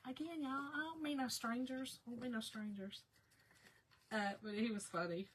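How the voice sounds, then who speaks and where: A woman's voice: fairly high pitch, steady tone, normal speed, slightly rough. A woman hosting a casual live crafting chat, talking to viewers by name and laughing often. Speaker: craft livestream host.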